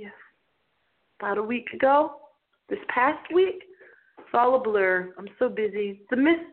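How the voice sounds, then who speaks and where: A woman hosts a late-night radio show in a theatrical, giggly, storytelling way. Her pitch swoops up and down as she talks. The sound is thin and tinny, as over a phone line.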